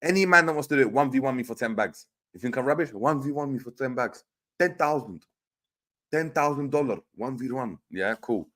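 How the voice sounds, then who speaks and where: A man's voice: mid-range voice, expressive, a little fast, fairly bright tone. A man hosting a livestream, reading chat comments aloud in slangy, teasing banter. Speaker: host reading live chat.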